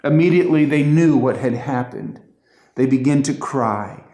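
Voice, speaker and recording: A man's voice: mid-range voice, moderate pace, mellow. A middle-aged man earnestly telling an emotional family story as a personal testimony. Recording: roomy echo.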